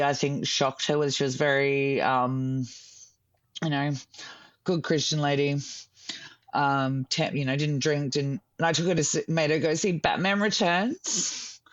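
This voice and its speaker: A man's voice: fairly high pitch, dry recording, muffled recording. A man chatting casually as a podcast guest, telling rambling stories with lots of restarts.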